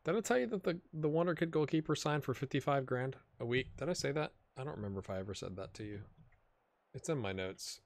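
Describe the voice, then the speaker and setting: A man's voice: medium pitch, animated, fast talker, gravelly, no echo. A man hosting a gaming video, giving rambling, chatty commentary with jokey asides to the players. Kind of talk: casual gameplay commentary.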